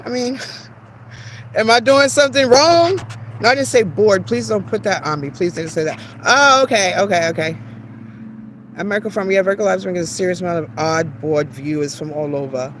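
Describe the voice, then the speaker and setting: A woman's voice: lowish voice, animated, normal speed, slight background noise. A woman hosting her first live stream, walking through her backyard garden, greeting viewers by name in a chatty, self-deprecating way. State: out of breath while walking. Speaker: garden channel host.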